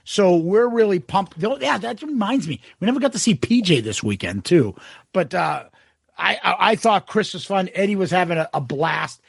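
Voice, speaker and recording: A man co-hosting a podcast, telling stories in an animated, profane way and acting out what people said. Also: high voice, normal speed, creaky, slightly rough, no room sound, studio quality. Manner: swearing, animated storytelling with quoted voices. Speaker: podcast co-host. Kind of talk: casual chat.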